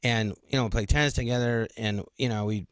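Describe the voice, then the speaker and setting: A man's voice: medium pitch, fast talker, clean tone, no echo. A middle-aged man, a comedian guest in a radio interview, telling stories animatedly and acting out what others said. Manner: animated, acts out quoted dialogue. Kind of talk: casual interview storytelling.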